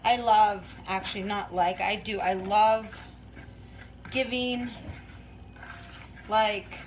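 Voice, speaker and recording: Slow-talking, chatty woman in a kitchen. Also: mid-range voice, steady tone, lo-fi sound, slight background noise. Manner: chatty, rambling, laughs often. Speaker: vlogger. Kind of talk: casual chat while baking. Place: home kitchen.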